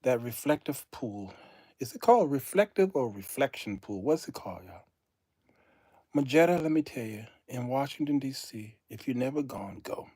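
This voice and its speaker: A man's voice: medium pitch, moderate pace, breathy edge, no room sound, studio quality. A man hosting a casual live stream, telling stories to viewers with frequent laughter. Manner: animated storytelling, laughing often, addressing viewers as y'all. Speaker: host.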